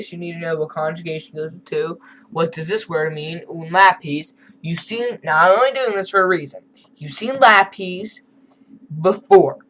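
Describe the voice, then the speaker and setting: A man's voice: a little high, a bit bright, a little hiss or hum, poor audio. Casual man teaching a Spanish lesson. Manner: casual, conversational teaching with asides. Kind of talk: screen-recorded online lesson.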